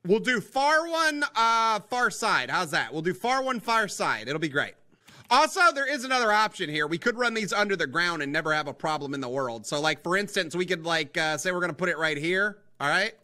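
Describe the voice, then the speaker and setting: An excitable young man rambles through his gameplay, calling out to his viewers as he builds. His voice sits high and swoops all over, with a very bright, forceful edge. Keys clack now and then behind him. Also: a little fast. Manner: excitable, rambling, talks to viewers as guys and boys. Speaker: gaming video host. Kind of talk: casual let's-play commentary.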